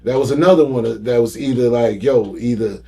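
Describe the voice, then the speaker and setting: A middle-aged man telling stories as a podcast guest, animated and acting out the voices of people he quotes. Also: medium pitch, normal speed. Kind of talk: casual storytelling interview.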